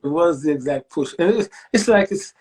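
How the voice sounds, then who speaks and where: In this storytelling interview, a man in his sixties who directs a library talks a little fast, his voice carrying a breathy edge. When quoting others, he performs their voices with big leaps in pitch, keeping the telling lively.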